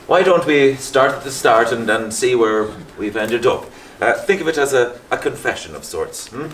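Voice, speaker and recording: An actor playing a prying, slightly pompous Catholic parish priest with a Liverpool accent who speaks in a measured, probing way. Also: male voice, mid-range voice, animated, fairly bright tone, far from the mic, slight background noise, close to an everyday voice. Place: theatre stage. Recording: roomy stage sound, faint ambience.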